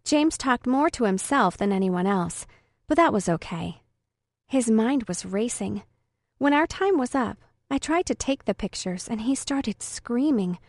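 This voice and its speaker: Earnest, fairly high woman narrator. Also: lively intonation, a little slow, no room sound, studio quality. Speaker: audiobook narrator. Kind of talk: first-person story narration.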